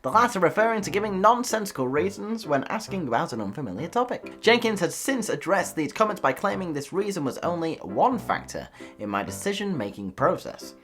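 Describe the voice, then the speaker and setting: A woman's voice: fairly low pitch, big pitch swings, fairly quick, hardly any pauses, faint music behind. A woman hosting a comedy news show, reading odd stories with giggles, swearing and jokey asides.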